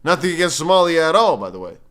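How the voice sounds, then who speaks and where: A man's voice: fairly high pitch, sing-song, fast talker, fairly bright tone. A man hosting a casual crypto livestream, rambling and slangy, reading viewer comments aloud and answering them. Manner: slangy, says bro and brother a lot.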